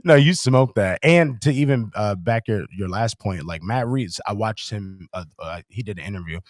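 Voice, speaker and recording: Man, podcast host, slangy, lively pitch, very dry sound. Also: moderate pace, no echo. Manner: animated, slangy. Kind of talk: casual chat.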